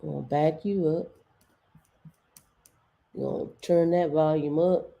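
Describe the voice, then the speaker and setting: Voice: medium pitch, steady tone, measured pace, vocal fry, mellow, highs cut off. A show host giving loose, chatty livestream commentary with casual slang.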